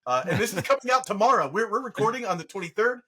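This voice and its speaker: A man co-hosting a podcast in casual chat, animated and joking with quick restarts. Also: sits high, a crowd in the background. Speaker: podcast co-host.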